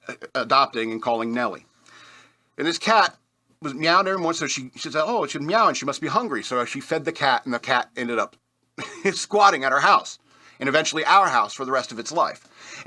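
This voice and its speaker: A man's voice: fairly high pitch, bright, forceful tone. A man hosting a radio show, telling rambling personal stories in a casual, self-deprecating way with chuckles. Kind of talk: casual storytelling.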